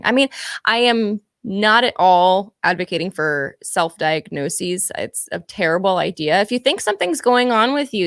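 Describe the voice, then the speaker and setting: A woman in casual chat on a call-in show, talking candidly and quickly, laughing at herself and full of fillers. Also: medium pitch, lively intonation, fairly bright tone, dry recording, clean studio sound.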